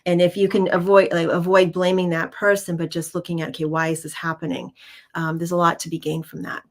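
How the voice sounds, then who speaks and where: Soft-spoken woman reading cards. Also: lowish voice, flat delivery. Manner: warm, halting, many ums and restarts. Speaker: co-host and card reader. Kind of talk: casual livestream chat.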